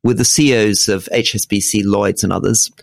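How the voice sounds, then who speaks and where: A middle-aged man with a low, gravelly voice talks through politics in a measured, explanatory way, restarting his sentences now and then. The sound is dry and close. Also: fairly even intonation, dry recording. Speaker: podcast co-host. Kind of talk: casual political discussion.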